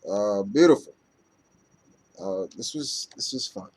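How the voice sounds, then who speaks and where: A man's voice: on the low side, expressive, measured pace, noisy background. A man reviewing comic books in a loose, rambling chat full of fillers and casual swearing.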